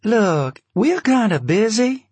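Audiobook woman, testy and curt, raised pitch, voiced by a male reader; husky edge. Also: sing-song, unhurried, no echo, heavily acted. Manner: sharp, curt, dismissive. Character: testy young woman, quick to attack. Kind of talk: audiobook narration.

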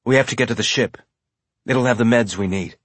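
A man's voice: mid-range voice, a little fast, a bit bright, dry recording, natural voice. A man voicing a decisive male ship captain who speaks urgently and directly.

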